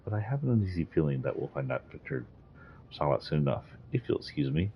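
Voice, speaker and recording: A man's voice: very deep voice, big pitch swings, quick pace, breathy edge, exaggerated voice. A man reading the lines of a wry male sorcerer hero from game lore, close to his own voice. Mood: uneasy. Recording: dull lo-fi recording.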